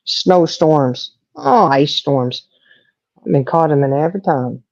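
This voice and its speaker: A woman's voice: low-pitched, takes it slowly, dry recording. Chatty woman on a dull mic. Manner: chatty storyteller, animated quoting. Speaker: co-host. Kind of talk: casual chat on a livestream. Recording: dull lo-fi audio.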